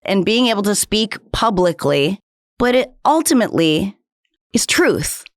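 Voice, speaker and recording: A woman from New Hampshire, a comedian guest in a casual interview, speaking with crisp, overly precise diction. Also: medium pitch, big pitch swings, unhurried, no room sound, studio quality.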